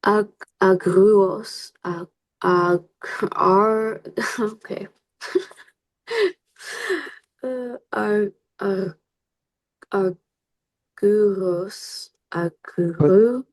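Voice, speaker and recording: A woman reads vocabulary aloud at a very slow, halting pace, breaking words into pieces and starting over. Her voice sits at an ordinary middle pitch. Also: steady tone. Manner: halting, sounding out words with restarts. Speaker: student. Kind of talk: reading vocabulary aloud in a lesson.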